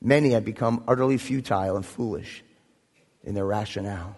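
A man's voice: on the low side, brisk, a little mellow, breathy edge. A man preaching a sermon as pastor, earnest and storytelling, building to emphatic points. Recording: echoey hall reverb.

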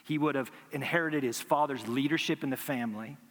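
A man's voice: medium pitch, a little fast, a bit bright. Preaching man in a reverberant hall. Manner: teaching, asks rhetorical questions and acts out imagined replies. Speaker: pastor. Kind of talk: sermon.

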